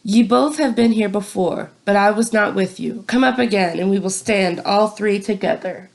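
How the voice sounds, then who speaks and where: A woman's voice: medium pitch, moderate pace, gravelly, lightly acted. Brief: woman reading a guilty, evasive minister with formal archaic phrasing. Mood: solemn. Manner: old-fashioned formal speech. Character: guilt-ridden male minister, evasive and solemn.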